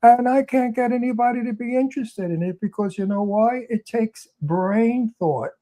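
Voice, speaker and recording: A man's voice: extremely high pitch, normal speed, mellow. A man with a Brooklyn accent, an actor guest talking bluntly and emphatically in a talk show interview.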